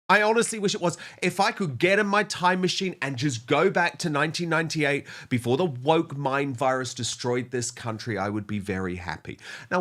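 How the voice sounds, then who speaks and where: A man hosting a talk show, delivering his lines in an animated, emphatic way. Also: medium pitch. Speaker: host.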